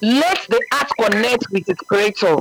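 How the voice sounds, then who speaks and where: Man, high pitched, dry close sound, earnest religious teaching, emphatic. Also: lively intonation, moderate pace, creaky, fairly bright tone, no echo, poor audio. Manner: earnest, emphatic, often asks "you understand?". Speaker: religious speaker.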